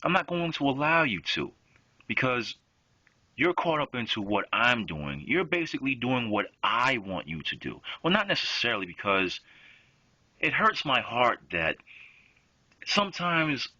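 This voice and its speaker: A man's voice: mid-range voice, very animated, a little slow, bright, forceful tone, no echo. A young man, an online gamer, delivering a profane, confrontational rant straight at a rival. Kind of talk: angry rant to camera. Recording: dull lo-fi home recording.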